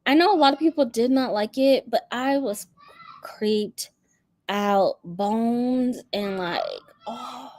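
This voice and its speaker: A woman's voice: a little high, slow pace, a little mellow, dry recording, clean studio sound. A woman hosting a book channel, chatting casually and animatedly with frequent laughter. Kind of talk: casual livestream chat.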